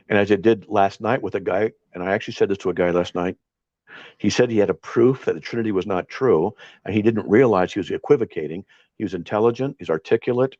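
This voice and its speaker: A man leading an informal Bible study, talking in an animated, argumentative way with frequent restarts. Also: deep voice, no room sound. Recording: dull, dry lo-fi recording.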